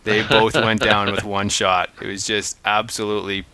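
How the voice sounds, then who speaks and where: Guy on a podcast telling a hunting story all pumped up, bright crisp voice, dry sound. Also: fairly low pitch, normal speed, no room sound. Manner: animated, restarts often, acts out calls. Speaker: podcast co-host. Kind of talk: casual storytelling chat.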